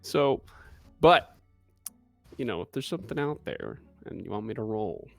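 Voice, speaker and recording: A man at a tabletop game talks through his plans with a very lively, wide-ranging pitch, halting and restarting as he goes. Faint music sits behind him. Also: gravelly. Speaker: player. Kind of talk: casual tabletop game chat.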